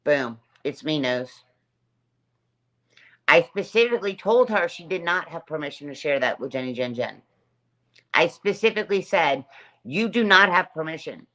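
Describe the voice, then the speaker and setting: A woman's voice: sits low, animated, moderate pace, pauses often, a bit bright. Aggrieved woman ranting on a livestream. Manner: aggrieved, repetitive, reads chat names aloud. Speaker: livestream host. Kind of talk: casual livestream rant.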